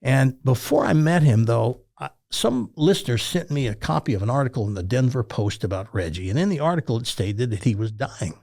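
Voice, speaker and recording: A man's voice: mid-range voice, brisk, gravelly, few pauses. An older man from Tennessee with a Southern accent, a former radio talk host telling folksy stories as an interview guest. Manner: folksy, animated storyteller. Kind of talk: storytelling interview.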